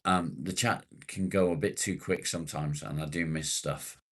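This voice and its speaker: Deep-voiced swearing English man chatting live. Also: fairly even intonation, moderate pace, fairly bright tone, husky. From England. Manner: blunt, swears freely, chatty. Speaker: livestream host. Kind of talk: casual live chat reading comments.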